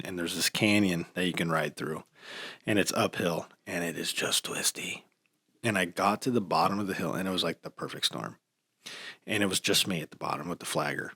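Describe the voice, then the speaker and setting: A man with a fairly low voice tells a story in a relaxed, casual way. He acts out what people said as he goes. The sound is close and dry, with little room behind it. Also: no echo. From United States. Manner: animated storytelling, acts out quotes. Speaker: podcast host. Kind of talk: casual chat.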